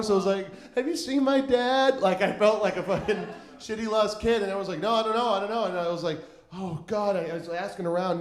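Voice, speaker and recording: A man's voice: high-pitched, darkish tone, reverberant. A young man telling a rambling stand-up story on a comedy stage, full of fillers and acted-out quotes.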